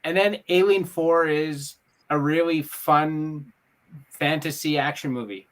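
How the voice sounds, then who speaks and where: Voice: mid-range voice, fairly even intonation, takes it slowly, a bit bright. A guest on a casual movie podcast call, talking eagerly and with firm opinions about films. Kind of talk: casual chat.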